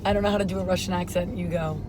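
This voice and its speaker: A woman's voice: lowish voice, fairly even intonation. A woman chatting casually on a car ride, teasing and prodding her companion to perform. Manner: teasing, prodding, quick to ask for more. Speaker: passenger, chat partner. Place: inside a car. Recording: road noise in a car.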